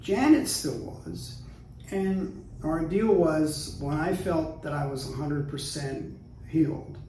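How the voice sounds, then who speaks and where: A man in his sixties from the United States, telling stories in a relaxed interview, chatty and laughing easily. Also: a little high, takes it slowly, a little hiss or hum. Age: 60s. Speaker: guest. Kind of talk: casual interview storytelling. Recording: roomy, distant mic.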